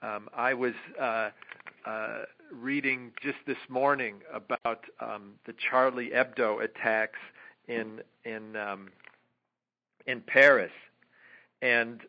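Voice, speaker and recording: A male guest author explains his ideas at length in an interview. His voice sits at an ordinary pitch, and he stumbles through fillers and restarts as he thinks. The audio is dull and lo-fi. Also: steady tone, slow. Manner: hesitant, many fillers and restarts.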